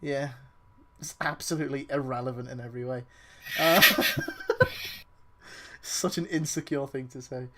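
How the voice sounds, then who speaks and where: A man's voice: medium pitch, wildly swooping pitch, measured pace, pauses often, very noisy. A young man gaming and bantering over voice chat, sarcastic and teasing, swearing often. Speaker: gamer streaming play.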